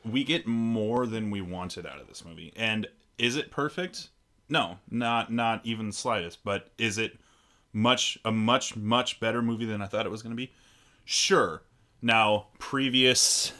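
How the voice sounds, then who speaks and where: A young man with a low but sharply bright, forceful voice, talking through a film review on a podcast. He hedges and restarts often, and turns questions to his co-host. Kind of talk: casual movie review chat.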